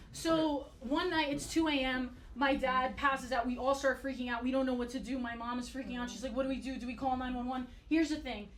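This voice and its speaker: A woman doing a stand-up comedy set with a dry, blunt, profane deadpan delivery. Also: sits high. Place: comedy club stage. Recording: roomy club sound from far off. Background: audience laughter.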